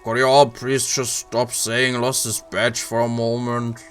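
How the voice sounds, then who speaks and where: A man's voice: mid-range voice, flat delivery, measured pace, soft background music, voice pushed up, close to an everyday voice. A man with a German accent voicing a flustered, embarrassed detective who pleads with the others.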